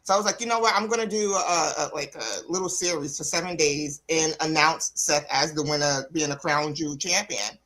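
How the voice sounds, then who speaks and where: A woman with a New York accent trades wrestling talk in a casual chat. Her voice is bright and forceful, and she tells animated stories, slipping into quoted voices and laughing often. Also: low voice, a little fast, hardly any pauses, poor audio. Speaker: wrestling podcast co-host.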